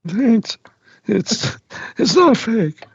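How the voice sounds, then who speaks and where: A man putting on the voice of a creaky old man who remembers the silent film days. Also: very high-pitched, very animated, drawn-out words, no room sound, voice pushed up, exaggerated voice. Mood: jokey. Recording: dull lo-fi audio.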